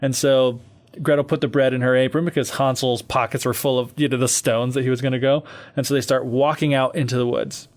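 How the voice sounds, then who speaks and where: A man's voice: medium pitch, little pitch movement, brisk. A man co-hosting a podcast, loosely retelling a fairy tale in casual chat, full of fillers and easy laughter.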